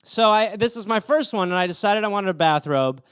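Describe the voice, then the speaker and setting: A man's voice: high voice, lively intonation, brisk, a bit bright, clean tone. A man in his thirties hosting a podcast, telling casual rambling stories with crude asides and acting out the people in them. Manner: acts out quoted people with shifting voices; swears freely, rambling asides. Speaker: podcast host. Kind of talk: casual storytelling monologue.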